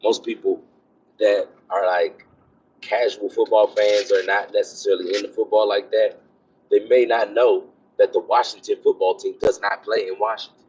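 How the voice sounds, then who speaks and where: A military officer vlogs as he drives onto a base, rambling conversationally with plenty of fillers. He speaks at a normal speed with a flat delivery, his low voice darkish with a breathy edge, on a dull, lo-fi recording.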